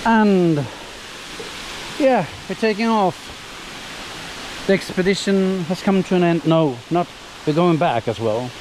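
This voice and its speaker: A man chatting enthusiastically to his viewers in a casual travel vlog, filming on his phone outdoors by a waterfall. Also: high voice. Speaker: travel vlogger. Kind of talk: casual vlog chat to camera. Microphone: handheld phone. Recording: loud outdoor water noise. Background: rushing waterfall water.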